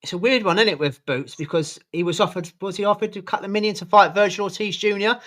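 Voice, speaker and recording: A man co-hosting a sports podcast, his voice on the higher side and his talk quick. He gives blunt opinions with casual swearing, the way someone chats with a mate. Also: a bit bright. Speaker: podcast co-host.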